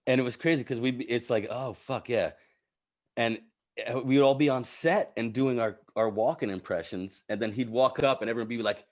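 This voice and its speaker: A man's voice: medium pitch, normal speed. A man casually telling profane anecdotes, acting out the people he quotes. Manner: animated, profane, with quoted voices. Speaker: panel guest telling stories.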